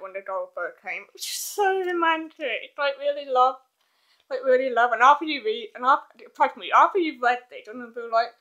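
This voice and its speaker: Giggly, hyper teenage girl, bouncy pitch. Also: pushed and bright. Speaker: doll reviewer. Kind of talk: casual rambling vlog. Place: her bedroom. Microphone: handheld camera, filming one-handed.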